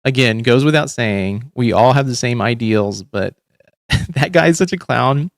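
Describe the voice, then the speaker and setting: A man's voice: medium pitch, lively intonation, a little slow, dry recording, studio quality. A man hosting a livestream, ranting in casual commentary with heavy swearing and frequent restarts. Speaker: livestream host.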